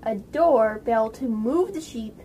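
Hesitant woman player thinking out loud. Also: a little high, animated, normal speed, a little hiss or hum. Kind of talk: casual tabletop game chat.

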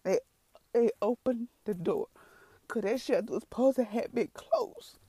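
A woman's voice: a little high, very animated, measured pace, mellow, breathy edge, dry recording. A woman telling an emotional personal testimony on her podcast, rambling and tearful, crying at times. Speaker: podcast host giving a testimony.

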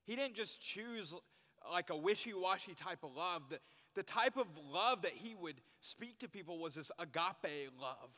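Preaching to a youth group, this young youth pastor sounds earnest and keeps repeating his main phrases to drive them home. His voice sits on the high side with a sharp tone, and a long reverb fills the hall he's recorded in.

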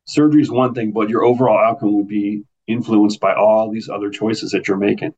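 An American man with a low voice speaks as a neurosurgeon guest in an interview. He talks earnestly, with frequent restarts, and explains things step by step. The audio is muffled and lo-fi. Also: fairly even intonation, fairly quick, darkish tone, husky. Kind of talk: conversational interview.

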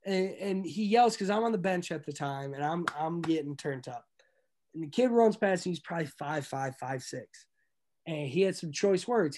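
Animated young man telling a story. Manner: animated, swings from loud excitement to low asides; laughs through stories. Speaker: podcast guest. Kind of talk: casual storytelling chat.

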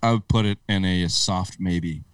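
A man co-hosting a casual podcast chat, trading joking deadpan one-liners. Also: deep voice, a little slow, smooth, dry recording, far from the mic, rough recording. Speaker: podcast co-host.

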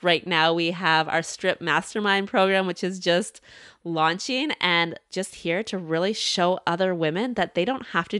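A woman's voice: fairly low pitch, a bit bright, smooth, no room sound, studio quality. A woman co-hosting a podcast over a call, reacting effusively and enthusiastically to her guest. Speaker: podcast co-host. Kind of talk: casual podcast chat. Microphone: remote call.

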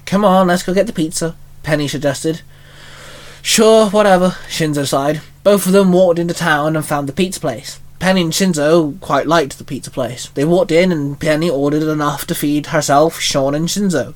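A man's voice: on the high side, fairly even intonation, normal speed, hardly any pauses. A man narrating a fan-written story, reading plainly with small stumbles and lightly voicing the characters.

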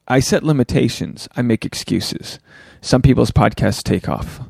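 Gravelly man ranting on a podcast. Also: medium pitch, moderate pace, darkish tone, no echo, clean studio sound. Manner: rambling, candid and profane; self-reflective, often restarts thoughts. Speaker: podcast host. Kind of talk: solo podcast rant.

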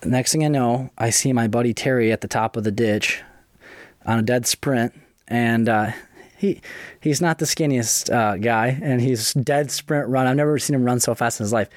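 A young man casually telling his own story, profane and chatty, with quick asides. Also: medium pitch.

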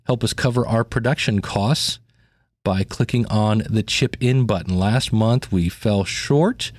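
A man's voice: lowish voice, a little slow, dry recording, studio quality. A man hosting a podcast, talking through a gadget review in a casual, chatty way with fillers and restarts. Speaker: podcast host.

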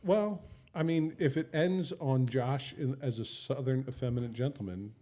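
A man's voice: mid-range voice, normal speed, mellow. A man co-hosting a casual podcast, joking and explaining at length with fillers into a studio microphone. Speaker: podcast co-host. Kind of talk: casual chat.

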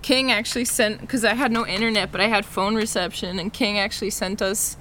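A young podcast host talks with a New York accent in loose, easy chat. The voice sits at a middle pitch and laughs come quickly. There's a faint hiss under it. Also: steady tone, pushed and bright. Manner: laid-back, laughs often, swears freely. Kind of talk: casual chat.

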